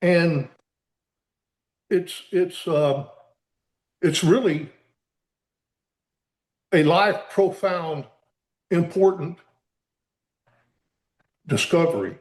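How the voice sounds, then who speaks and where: A man being interviewed as an author, explaining earnestly in a halting way with many repeated words and restarts. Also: a little high, echoey room. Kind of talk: conversational interview.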